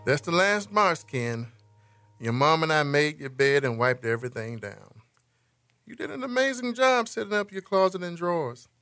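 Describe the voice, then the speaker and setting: An actor voicing a gentle, loving father, reassuring his daughter as he moves her into her dorm. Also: on the high side, very animated, normal speed, soft background music, full character voice. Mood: tender. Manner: warm-hearted, reassuring talk.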